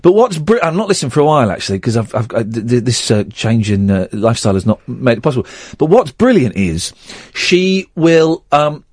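A man hosting late-night radio, chatty and rambling, often tripping over his words before he finds the thought. His pitch rises and falls a lot, and the studio sound is dry and close to the mic. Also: sing-song, fairly quick, few pauses, a little mellow, dry recording. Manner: rambling, stumbles and restarts often. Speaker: radio show host. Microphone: studio microphone.

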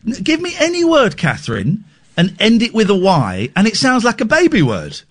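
Guy hosting a late night phone-in, voice up high and bouncing all over, frank and rambly. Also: huge pitch swings, normal speed. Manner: candid, self-deprecating, rambling with restarts. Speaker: radio host.

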